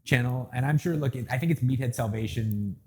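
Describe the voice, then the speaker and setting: Male podcast guest, warm low timbre, easygoing, jokey, self-promoting. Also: fairly quick. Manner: loose, joking, plugs his work. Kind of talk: casual chat.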